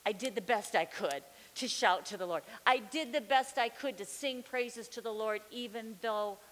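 A woman's voice: on the high side, fairly bright tone. A middle-aged woman teaching the Bible, sharing a testimony with fervent, building declarations. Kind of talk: testimony during a sermon. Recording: long reverb with faint hiss.

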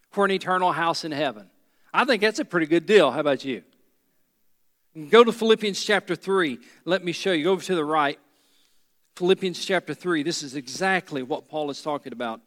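A man's voice: sits high, fairly bright tone, big-room sound. A pastor preaching a sermon, a man who drives points home by repeating key phrases.

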